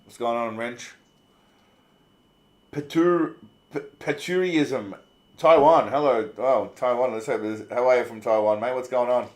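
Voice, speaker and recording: A medium-pitched, slightly mellow Australian man speaks a little slowly with frequent pauses while hosting a casual livestream. He reads viewer comments aloud in a laid-back, chatty style, swearing freely and calling people mate.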